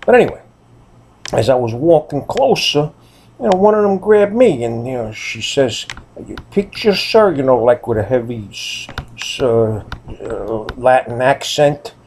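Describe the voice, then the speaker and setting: A man tells a casual, rambling story straight to camera. He is blunt and salty, with plenty of fillers and asides. His tone is dark and mellow. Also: medium pitch, expressive, unhurried, slight background noise. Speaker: vlogger.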